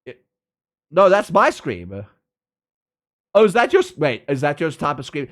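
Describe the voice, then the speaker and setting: A man's voice: fairly high pitch, huge pitch swings, measured pace. A man streaming a game and chatting with his viewers, teasing them and laughing often. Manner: playful, teasing, laughs often, jumps between loud and mumbled; reads chat aloud and answers viewers. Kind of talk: casual livestream chat.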